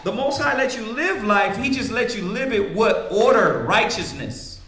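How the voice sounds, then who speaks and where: Bright-voiced preacher man, echoey room. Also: high voice, animated, moderate pace. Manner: conversational, acts out quoted voices, asks "right?" often. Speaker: priest teaching scripture. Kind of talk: casual preaching.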